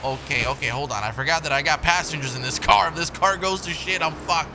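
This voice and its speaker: A man's voice: a little high, quick pace, noisy background. A young man giving chatty, profane commentary while playing a video game. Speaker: gameplay streamer. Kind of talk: casual let's-play commentary. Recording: voice over loud game audio.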